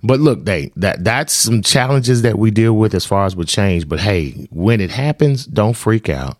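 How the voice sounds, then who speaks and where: A middle-aged man hosting a podcast in casual chat, animated and laughing, swinging from loud outbursts to low, earnest talk. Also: normal speed, no echo, studio quality. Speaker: podcast host.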